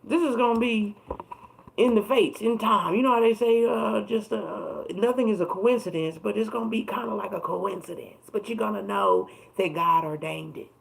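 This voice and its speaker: A woman reads tarot cards live in a loose, conversational way. Her voice is gravelly with frequent vocal fry. She swears freely and stacks repeated words when she wants to stress a point. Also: medium pitch, normal speed, rough recording. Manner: emphatic, profane, repeats phrases for emphasis. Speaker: tarot reader. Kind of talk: casual tarot reading livestream.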